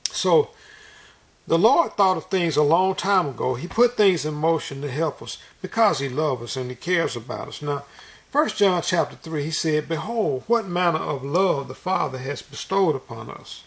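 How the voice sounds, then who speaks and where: A man's voice: on the high side, animated, moderate pace, gravelly. A man preaching a sermon in an earnest, folksy, repetitive way, restarting his phrases often.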